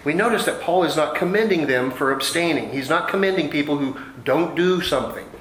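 A man preaching a sermon to a congregation, reading scripture and explaining it in a relaxed, conversational way with homey family anecdotes. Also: on the high side, fairly quick, a little hiss or hum. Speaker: pastor. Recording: echoey room with faint ambience.

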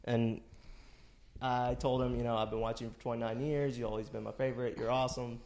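A man in his late twenties chats on a podcast, telling a story and swearing freely. His voice sits at an ordinary pitch for a man. His asides come out dry. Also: level tone, quick pace, a little mellow. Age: late 20s. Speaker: podcast co-host. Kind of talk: casual chat.

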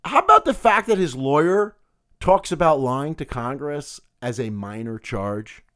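A man's voice: a little high, big pitch swings, measured pace, fairly bright tone. A man with a cold delivering an indignant, sarcastic political commentary monologue. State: has a cold.

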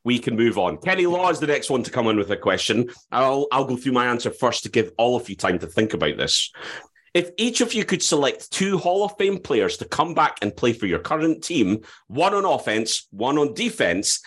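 Lively man hosting a podcast. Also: medium pitch. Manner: lively, laughs often, reads questions out. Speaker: podcast host reading listener questions. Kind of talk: casual podcast chat.

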